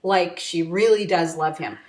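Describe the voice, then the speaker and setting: A woman co-hosting a casual TV recap chat, animated and swearing freely. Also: a little slow, echoey room. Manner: animated, swears, breaks into high excited quoting. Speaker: recap show co-host. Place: at home, dog nearby.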